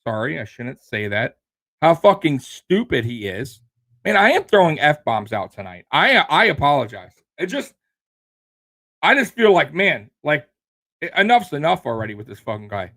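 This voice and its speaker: Heated guy ranting on his sports show, kinda high voice, lots of ums and cussing. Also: very animated, moderate pace, sharp tone. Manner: heated, profane rant with fillers and restarts.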